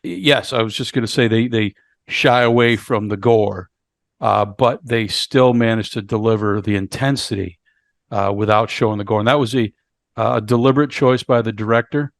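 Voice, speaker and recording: A man's voice: lowish voice, vocal fry, dry recording. Man recapping a movie, dry close mic. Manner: halting, repeats words while recapping the plot. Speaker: podcast co-host. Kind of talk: casual movie review chat.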